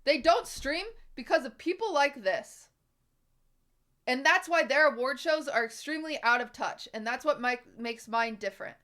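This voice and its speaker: A woman's voice: high-pitched, moderate pace, bright, forceful tone. A young woman streamer ranting at her live chat, exasperated and profane, hammering her points home.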